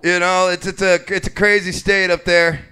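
A man's voice: high voice, level tone, normal speed, pushed and bright. A man in his late forties from Alaska doing a live stand-up set at a brewery bar, telling crude, profane, self-mocking jokes. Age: late 40s. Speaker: stand-up comedian.

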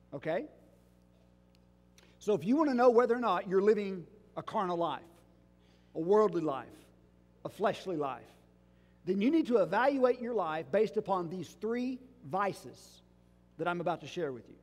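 Preaching slowly and deliberately, a male pastor with a strikingly high, lively voice presses his congregation with rhetorical questions. A long reverb carries his sermon through the sanctuary.

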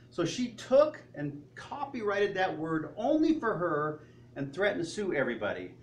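In a church sanctuary, a male pastor preaches a sermon, telling stories with great animation and posing rhetorical questions. His voice is high and very animated at a normal speed, and the recording sounds roomy and distant with faint ambience.

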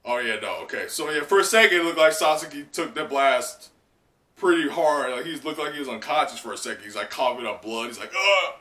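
An excitable young man giving a live reaction and recap, with a bright voice and lively swings in pitch. He sounds roomy and a little distant from the mic. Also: fairly quick. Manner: excitable, many fillers and laughs. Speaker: manga reaction channel host.

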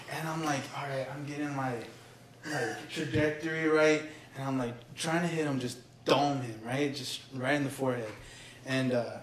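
A young man co-hosting a podcast, telling a school story in casual chat, excitable and laughing through it, with lots of filler words. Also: on the high side, recorded from a distance. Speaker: podcast co-host. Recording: roomy echo, off-mic, crowd noise behind.

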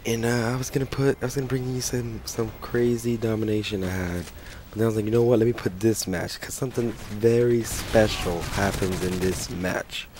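A young man with a sick, hoarse voice, ranting and swearing through casual gameplay commentary. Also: on the low side, steady tone, moderate pace, background noise. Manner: profane, ranting, frustrated. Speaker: gaming channel host.

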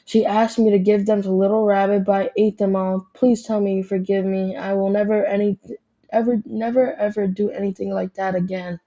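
A woman's voice: medium pitch, level tone, fairly quick, dark tone, highs cut off, lightly acted. A woman voicing a young male fox cub in a storybook, earnest and tearful as he pleads. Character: young male fox, fibbing then remorseful.

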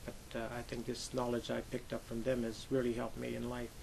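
An older man from Pennsylvania, a Navy veteran, telling lively anecdotes in an oral history interview and acting out the voices he quotes. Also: mid-range voice, brisk, vocal fry, a little hiss or hum, rough recording. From Pennsylvania, USA.

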